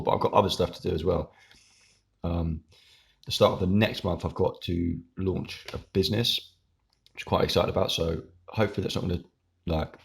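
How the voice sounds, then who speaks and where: A man's voice: sits low, gravelly. A man, hosting his own channel, chatting casually in a rambling way while eating with his mouth full. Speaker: YouTube channel host.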